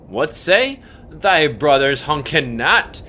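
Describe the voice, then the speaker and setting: A man voicing a grim male woodcutter who speaks in mock-medieval phrasing, drawn out and raised above his usual pitch. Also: big pitch swings, takes it slowly, bright, forceful tone, slight background noise, exaggerated voice. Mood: accusing.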